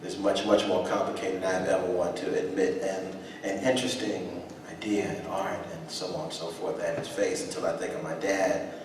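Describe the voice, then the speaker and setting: Low-voiced man telling a story in a hall. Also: background noise. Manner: halting, reflective, restarts often. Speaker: spoken-word performer. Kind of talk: live spoken-word storytelling reading. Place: theater stage, live event. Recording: echoey hall from far off.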